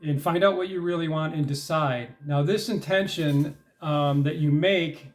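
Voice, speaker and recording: A man's voice: a little high, steady tone, measured pace, few pauses, soft background music. A middle-aged man giving a casual talk on manifesting, conversational, with frequent fillers and "all right?" check-ins, building to emphatic stress on key points. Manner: grows emphatic and louder when stressing determination. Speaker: self-help speaker.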